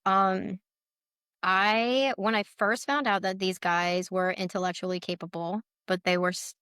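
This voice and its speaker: A woman's voice: mid-range voice, fairly even intonation, measured pace, pushed and bright, clean tone, dry recording, studio quality. A woman guest speaking earnestly and emotionally in a casual interview, often saying "like". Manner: earnest, emotional, heavy use of "like". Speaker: guest, letter board practitioner.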